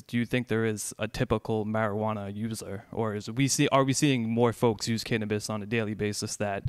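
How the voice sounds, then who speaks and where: A man's voice: on the low side, flat delivery, a little fast, few pauses, clear, resonant tone, no echo, studio quality. A man in the audience asking a polite, somewhat hesitant question from the floor.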